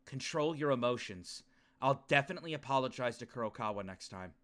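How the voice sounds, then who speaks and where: A man's voice: medium pitch, expressive, a little fast, fairly bright tone, voice pushed down, lightly acted. A man voicing an earnest, anxious teenage boy protagonist, reading game dialogue aloud as a subdued, self-reproaching inner monologue. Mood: brooding.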